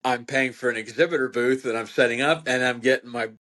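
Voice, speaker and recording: A man's voice: mid-range voice, steady tone, fast talker, a bit bright. An older American man, a veteran butcher, telling rambling stories as a podcast guest, with frequent restarts and laughs. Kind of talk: casual storytelling interview.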